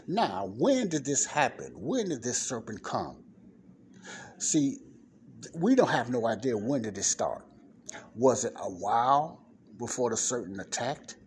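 A man's voice: mid-range voice, a little hiss or hum. A man giving an informal Bible lesson in a conversational way, often checking in with his listeners. He reads passages aloud and explains them. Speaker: Bible teacher. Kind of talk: informal scripture teaching. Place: non-soundproof spot in a library.

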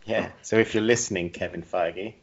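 A man's voice: low voice, steady tone, normal speed, creaky, lo-fi sound. A man co-hosting a podcast, chatting casually and playfully riffing on ideas. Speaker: podcast co-host. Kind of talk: casual chat.

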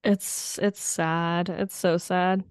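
Slow-talking woman, dry close sound. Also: lowish voice, flat delivery, clean tone, no room sound. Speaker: podcast co-host. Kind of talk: casual chat.

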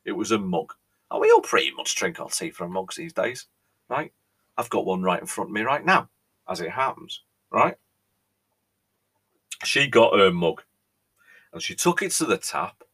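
British man, podcast host, theatrical and exasperated, lowish pitch, bright forceful tone. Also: expressive. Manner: theatrical, exasperated, pausing, repeats "right?". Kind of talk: mock-outraged monologue.

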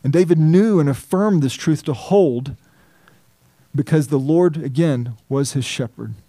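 A man preaching a sermon as pastor, reading scripture in a measured, earnest and emphatic way. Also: a little high, dark tone, no room sound, studio quality.

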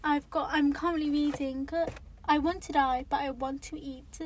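A woman's voice: sits high, steady tone, normal speed, rough recording. A young woman hosting her own podcast from a parked car, chatting casually and rambling with lots of fillers and self-corrections. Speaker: podcast host. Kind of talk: casual solo podcast chat. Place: parked car in a car park near an airport. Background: faint airplane noise.

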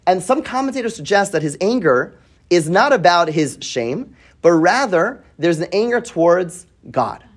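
His voice is high with big pitch swings and a moderate pace as this man, a Torah teacher, leads students through a weekly Bible class in a classroom. He reads and translates Hebrew verses, asks questions, often says "right?", and repeats words as he works through his thoughts aloud.

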